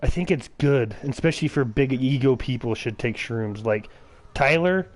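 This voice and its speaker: A man's voice: medium pitch, lively intonation, normal speed, a little hiss or hum. A man streaming a video game, chatting casually and rambling with lots of swearing and filler words. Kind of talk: casual chat while gaming.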